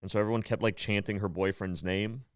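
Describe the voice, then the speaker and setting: A man in his late twenties spinning stand-up stories on a podcast, his voice smooth and resonant. The sound is dry and close, with no room echo. He acts out the people in his stories with bursts of energy. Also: lowish voice, fast. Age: 20s. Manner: animated storytelling with acted-out quotes. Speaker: comedian and podcast co-host. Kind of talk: casual podcast chat.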